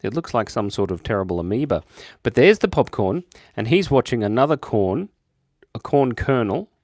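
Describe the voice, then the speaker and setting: A young Australian man chatting casually with his viewers while he draws on a livestream, playful and quick to jump from excited to quiet. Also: no room sound, studio quality. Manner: playful, jumps between high excited bursts and quiet mumbles. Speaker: livestream host drawing for chat. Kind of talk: casual live-stream chat while drawing.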